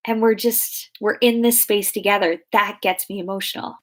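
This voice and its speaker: A woman's voice: mid-range voice, fairly even intonation, moderate pace. A woman in her thirties coaching clients in a casual question-and-answer talk, chatty and full of fillers and restarts.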